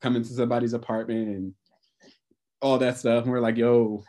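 A man with a mid-pitched, everyday voice, talking in a relaxed, conversational way. He recalls his past work as a housing supervisor and sometimes quotes other people. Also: a little fast. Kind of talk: casual chat.

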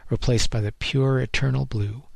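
A man, the author, reading his own first-person noir story in a measured, deadpan way. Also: medium pitch, creaky, no room sound.

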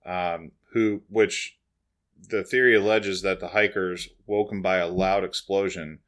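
Deep, bright-toned man co-hosting a podcast. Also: fairly even intonation, a little slow. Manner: loose and joking, with casual swearing. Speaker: podcast co-host. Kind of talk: casual podcast chat.

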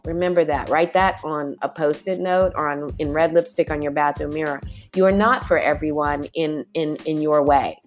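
A woman hosting a motivational podcast, talking listeners through guided breathing. She speaks in a lively, colloquial way and drops in "y'all" asides. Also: low-pitched. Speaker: podcast host.

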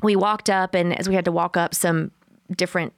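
Lively woman with a gravelly low voice. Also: brisk, no echo, studio quality. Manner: animated storyteller, acts out quotes, laughs often. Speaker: podcast co-host. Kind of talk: casual storytelling chat.

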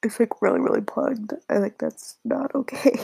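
A young woman vlogger talking to her viewers in a tearful, halting way, with a blocked, nasal voice and many pauses and fillers. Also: fairly high pitch, wildly swooping pitch, vocal fry, mellow, husky, low-quality recording. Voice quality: congested, nasal. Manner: halting, whispery and hesitant, full of fillers. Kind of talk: emotional personal talk to viewers.

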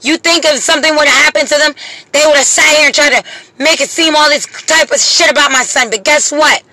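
Speaking to camera, this single mother pleads passionately in a profane emotional monologue, stressing words slowly and deliberately, sometimes near tears. Her voice sits high, bright and forceful, captured in a rough recording with no room sound.

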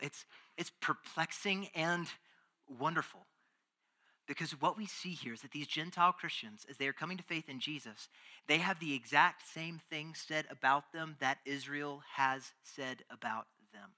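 A male pastor preaching a sermon with emphasis, swinging between hushed passages and loud, fervent ones. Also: a little high, moderate pace.

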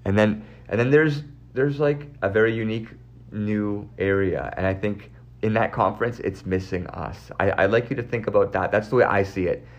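A man's voice: lowish voice, normal speed, highs cut off. A man in his forties hosting a live stream, chatting with a caller in a scattered, rambling way, often repeating himself. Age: 40s. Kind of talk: casual live chat with a caller.

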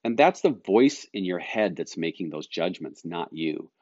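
Middle-aged man, low voice, life coach podcast host, calm earnest explaining, dry close sound, slightly dull audio. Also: moderate pace, dry recording. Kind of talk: solo podcast talk.

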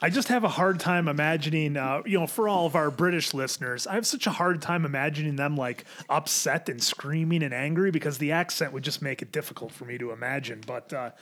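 A man's voice: a little high, brisk, hardly any pauses, fairly bright tone. A man co-hosting a casual podcast with playful, rambling chat. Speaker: podcast co-host.

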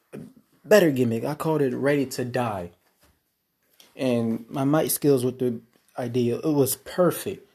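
A man who wrestles talks through his past in a loose, rambling monologue, bragging and swearing as he goes. His voice is mellow and dark, with a husky edge. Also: medium pitch. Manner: rambling, boastful storytelling with swearing. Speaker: independent wrestler. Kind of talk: casual monologue.

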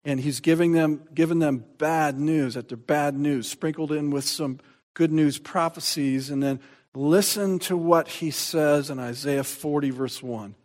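Soft-then-loud preaching man, slow pace. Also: a little high. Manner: swings from soft and slow to loud, shouted proclamation; reads scripture aloud with emphasis. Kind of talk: sermon.

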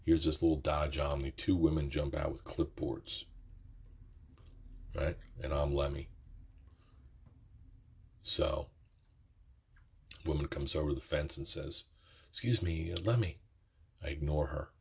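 A middle-aged man telling a rambling, profane story from his youth, often correcting himself mid-sentence, with a raspy voice. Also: rumbling low, completely flat delivery, measured pace, long pauses. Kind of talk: casual storytelling.

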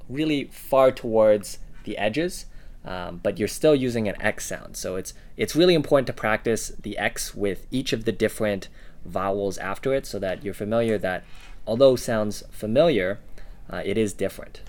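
Low-pitched man explaining words casually. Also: normal speed, a little mellow. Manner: easygoing, hesitant with frequent ums and uhs. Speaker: language teacher co-host. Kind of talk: casual instructional podcast.

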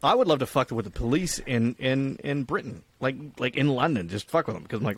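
A man's voice: medium pitch, animated, a little fast, husky, no echo. A man co-hosting a casual podcast, telling stories in a rambling, profane way and acting out the people in them. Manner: rambling, profane storytelling with acted-out quotes. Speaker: podcast co-host. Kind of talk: casual chat.

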